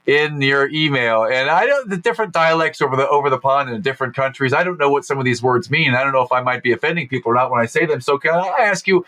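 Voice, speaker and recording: A man's voice: medium pitch, quick pace, hardly any pauses, pushed and bright. A man hosting a podcast interview, upbeat and enthusiastic as he welcomes and questions his guest. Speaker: podcast host.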